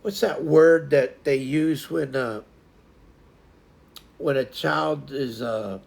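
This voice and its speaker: A man's voice: medium pitch, steady tone, slow pace, gravelly, darkish tone. A man hosting his stream, telling a funny story in a rambling way with many fillers, searching for words and laughing as he goes. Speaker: streamer host. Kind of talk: casual storytelling chat.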